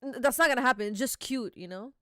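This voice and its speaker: A woman's voice: on the high side, quick pace, sharp tone, dry recording, studio quality. Chatty, giggly young woman streamer. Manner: chatty, giggly, reads dialogue aloud in voices. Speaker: streamer and reaction host. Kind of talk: live reaction stream.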